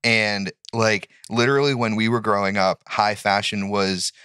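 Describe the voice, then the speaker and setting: Measured man in casual chat. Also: lowish voice, steady tone, sharp tone, clean tone, dry recording, studio quality.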